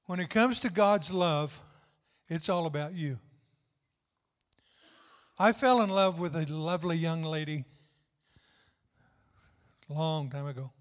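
A man's voice: a little high, slow, long pauses. An older man preaching a sermon with fervent, tender, repetitive emphasis. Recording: long hall reverb.

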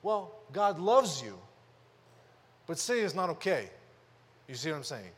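A man preaching a sermon in a conversational way, asking rhetorical questions and rising to loud emphasis. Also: on the high side, big pitch swings, a little slow, long pauses, slightly rough. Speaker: pastor. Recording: long hall reverb.

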